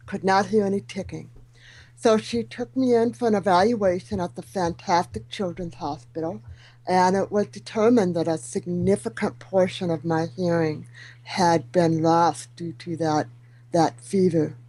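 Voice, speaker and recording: A woman's voice: lowish voice, steady tone, unhurried, no echo, low-quality recording. Woman with a hearing-loss speech impediment. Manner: warm storytelling, self-deprecating humor. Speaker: guest speaker. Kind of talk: talk show interview.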